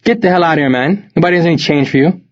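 Man voicing a brash young man, Jamaican accent, blunt, mocking, high pitch, slightly muffled recording. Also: very fast, lightly acted. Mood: scornful. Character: brash young male Bronx friend, scornful.

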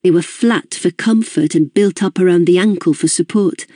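Husky low-voiced woman narrating. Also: moderate pace, warm tone, no room sound. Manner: precise, formal, dry. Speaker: audiobook narrator. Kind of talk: first-person novel narration.

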